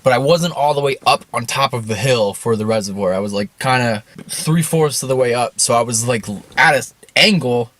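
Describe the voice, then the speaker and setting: A young man telling a rambling comic story in casual speech, swearing heavily and getting animated. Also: medium pitch, moderate pace, dry recording. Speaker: storyteller host.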